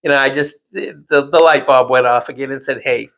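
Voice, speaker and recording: A man's voice: mid-range voice, fairly even intonation, fairly quick, a bit bright. A man telling a long, rambling personal anecdote in casual chat, with self-deprecating asides.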